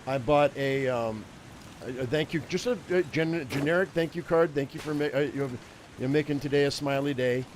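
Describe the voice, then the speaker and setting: Man in his fifties, slightly high voice, rambling storyteller, faint hum behind. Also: a little fast. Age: 50s. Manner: rambling, chatty anecdote-teller. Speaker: game streamer. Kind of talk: casual storytelling chat.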